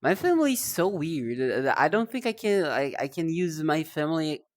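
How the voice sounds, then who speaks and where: Rambling young woman streamer, low voice. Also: very animated, moderate pace, a little mellow. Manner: rambling, self-deprecating, stumbles and repeats words. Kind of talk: casual live-stream chat.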